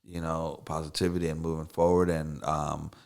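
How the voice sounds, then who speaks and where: Deep-voiced man, loose profane chat. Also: level tone, normal speed, gravelly, a little mellow. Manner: loose, rambling, profane, many fillers and restarts. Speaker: songwriter and producer guest. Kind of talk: casual interview chat.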